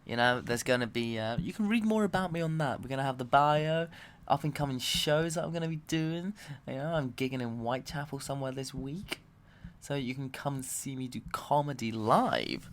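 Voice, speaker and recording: Man, comedian, ranting solo podcast, swearing, mid pitch. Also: moderate pace. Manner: loud, swearing, animated ranting.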